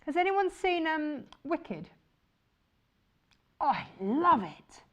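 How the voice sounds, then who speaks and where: A woman's voice: sits high, sing-song, takes it slowly, fairly bright tone, dull audio. A woman presenting fabrics on a shopping channel, chatty and enthusiastic. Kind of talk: chatty live sales presentation.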